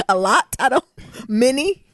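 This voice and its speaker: Young woman from Detroit, podcast co-host, lively swooping delivery, dry close sound. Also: a little high, no room sound. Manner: animated, profane, laughing asides. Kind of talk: casual chat.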